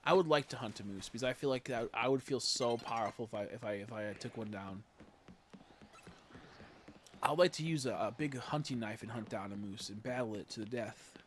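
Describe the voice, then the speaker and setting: A young man chatting idly on a game livestream. His voice sits at an ordinary middle pitch. He rambles and jokes, swinging from loud excited bursts to low mutters. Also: brisk, slight background noise. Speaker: streamer. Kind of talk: casual livestream chat while gaming.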